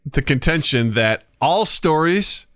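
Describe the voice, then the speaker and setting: A man co-hosting a podcast in casual chat, telling stories with lively acted-out quotes. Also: a little high, slow pace, no room sound, studio quality. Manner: animated storyteller, acts out quotes. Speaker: podcast co-host.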